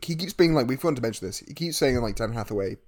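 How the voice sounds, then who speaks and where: A man's voice: medium pitch, animated, very fast, darkish tone. A man co-hosting a podcast in casual chat, making wry, teasing and sarcastic asides about a film. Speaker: podcast co-host.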